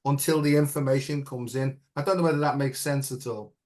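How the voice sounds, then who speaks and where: A man's voice: mid-range voice, fairly even intonation, brisk, a little mellow. A middle-aged man as an interview guest, telling a personal story in an earnest, reflective way and often checking in with "right?".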